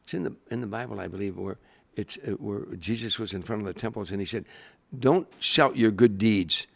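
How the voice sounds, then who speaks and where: Older gravelly-voiced man telling stories. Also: on the low side, quick pace. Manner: animated storyteller, acts out quoted voices. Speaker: guest, comedian. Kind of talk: storytelling interview.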